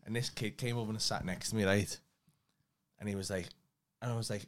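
A man's voice: fairly low pitch, steady tone, fast. A man co-hosting a comedy podcast, telling rambling, swear-heavy anecdotes in casual chat.

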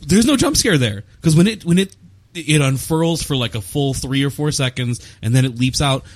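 A man's voice: medium pitch, animated, normal speed, dry recording. A man co-hosting a casual film discussion, retelling scenes with sarcasm and profanity. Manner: sarcastic storyteller, swears casually. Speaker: podcast co-host.

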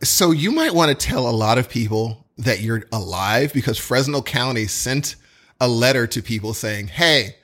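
Animated, bright-voiced man telling a story. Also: medium pitch, moderate pace. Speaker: podcast co-host. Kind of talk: casual chat.

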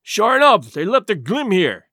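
Rough pirate, excited, yelling down in a high voice, played by a male narrator. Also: moderate pace, no echo, studio quality, exaggerated voice. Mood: alarmed. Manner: calling out in a raised high voice.

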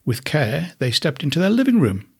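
A man, a podcast host, narrating a children's storybook in an expressive, unhurried way. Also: on the high side, slightly rough.

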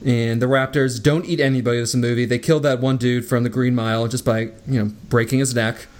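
A man's voice: mid-range voice, brisk. A man co-hosting a podcast, retelling scenes in casual chat and acting out the characters' voices. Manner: animated storytelling with acted-out voices. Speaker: podcast co-host.

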